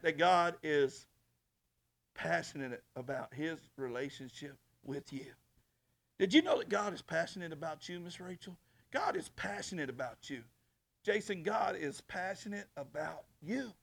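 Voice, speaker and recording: Gravelly high-voiced man preaching a sermon. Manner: emphatic preaching, swings from soft to shouting. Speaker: pastor. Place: church.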